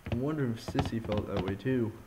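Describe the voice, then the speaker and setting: A man reading game dialogue for a heartbroken, withdrawn young man in a low, subdued murmur. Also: brisk, warm tone, slight background noise, natural voice, rough recording. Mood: gloomy.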